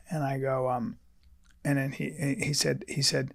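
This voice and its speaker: A man's voice: mid-range voice, flat delivery, measured pace, creaky, a bit bright, no echo, clean studio sound. A man chatting casually as a podcast host, telling playful comic stories and acting out the people in them. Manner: playful storyteller, acts out voices of people in his stories. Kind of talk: casual comedic chat.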